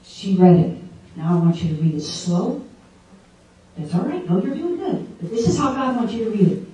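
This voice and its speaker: Woman preacher, mellow voice, emphatic sermon, heavy room echo, far from the mic. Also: mid-range voice, big pitch swings, normal speed. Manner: emphatic, asks the audience questions. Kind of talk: sermon to a women's gathering. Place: large echoey meeting room. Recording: very echoey room, distant mic.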